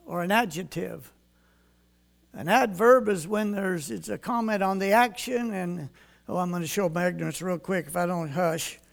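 An older man preaching a folksy sermon in a high voice, reading scripture in a King James cadence. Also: normal speed, creaky.

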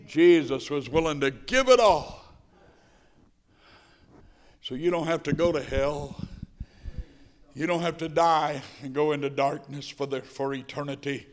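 A man preaching a sermon, telling a story with passion, dropping to a hush and then rising loud. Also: on the high side, unhurried, long pauses. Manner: impassioned, swings between hushed and loud.

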